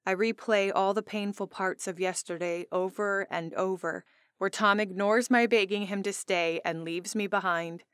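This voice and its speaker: A woman's voice: medium pitch, steady tone, moderate pace, a bit bright, clean tone, no echo. A woman narrating a first-person romance audiobook in an intimate, earnest storytelling manner, on a close studio mic.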